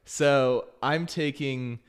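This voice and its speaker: Here a male podcast co-host speaks very slowly in a clean, mid-range voice. The talk is casual chat, a bit rambling and peppered with fillers.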